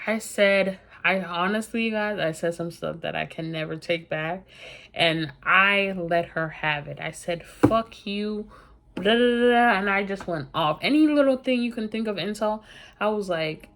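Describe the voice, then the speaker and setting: A young woman vlogger telling a personal story, candid and emphatic, in a casual storytime vlog. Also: mid-range voice.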